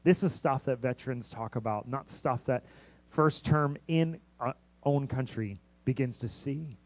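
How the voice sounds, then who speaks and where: A young adult man, a missionary pastor, preaching a sermon as a story, acting out the dialogue and swinging between hushed, quiet passages and loud, urgent ones. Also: mid-range voice, moderate pace, rough recording.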